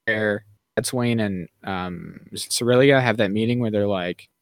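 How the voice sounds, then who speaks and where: A man's voice: on the low side, normal speed, no echo, studio quality. Rambling man chatting on a podcast. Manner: rambling with many fillers. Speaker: podcast co-host. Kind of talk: casual chat.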